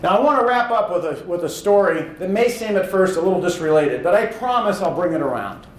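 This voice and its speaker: A man's voice: sits high, expressive, brisk. Man in his 30s giving a speech. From Indiana, USA. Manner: storytelling, builds to emphatic points. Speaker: public speaking champion. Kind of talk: motivational speech. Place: hall with audience. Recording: roomy hall echo, faint noise.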